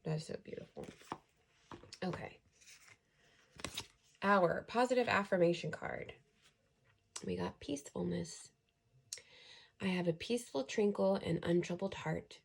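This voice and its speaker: A woman's voice: on the low side, big pitch swings, a little slow, creaky, pauses often, slight background noise. A woman giving a casual pick-a-card tarot reading, chatty and earnest, reading card texts aloud and adding her own thoughts. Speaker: tarot reader.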